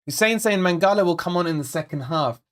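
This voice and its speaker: A man's voice: high voice, lively intonation, fast talker. A man hosting a live football watch-along, chatting casually to viewers, rambling and repeating himself as he frets over the team and reads out chat messages. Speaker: fan channel host.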